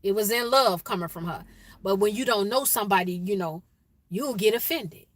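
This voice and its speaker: A woman from Chicago telling a personal story and urging listeners toward peace, in an animated, emphatic way with strings of repeated questions. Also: medium pitch, normal speed, dry recording. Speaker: inspirational speaker.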